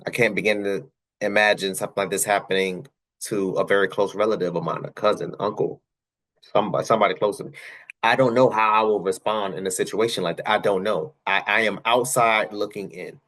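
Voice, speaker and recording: This channel host, a young man, has a lowish, slightly bright voice and a steady tone, moving at a fairly quick pace. He casually reacts to news clips, speaking to viewers directly, repeating himself and tossing out rhetorical questions.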